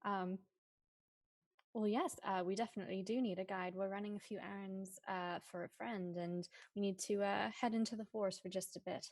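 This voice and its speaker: A woman's voice: mid-range voice, fairly even intonation, normal speed, darkish tone, dry recording. A woman playing her character in a tabletop game, hesitant and polite, with many ums. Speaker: player. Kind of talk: in-character tabletop role-play.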